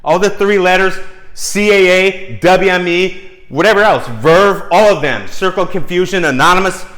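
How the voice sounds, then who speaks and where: A man's voice: sits high, moderate pace, a bit bright. A man ranting angrily at a critic to camera, swearing constantly and mocking him, often tagging lines with "okay?" and "dude.". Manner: heated, profane, mocking, repeats "okay?" and "dude". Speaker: screenwriter and video host. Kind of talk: angry profane rant to camera.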